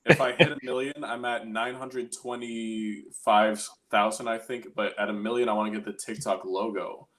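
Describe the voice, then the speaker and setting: Low-voiced young man telling his story. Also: steady tone, moderate pace, hardly any pauses, fairly bright tone. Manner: rambling, candid, swears casually. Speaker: guest, opera singer and grad student. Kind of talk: casual storytelling chat.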